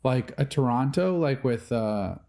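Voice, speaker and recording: A man from the Midwest co-hosting a podcast, chatting casually with quick, teasing interjections. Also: mid-range voice, expressive, dark tone. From American Midwest. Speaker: podcast co-host. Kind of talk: casual chat.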